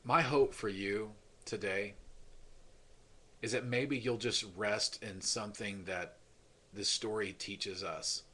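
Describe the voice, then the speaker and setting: A man's voice: lowish voice, steady tone, slow, a bit bright. A man, a pastor, retelling a story in an earnest, dramatic sermon and acting out the voices.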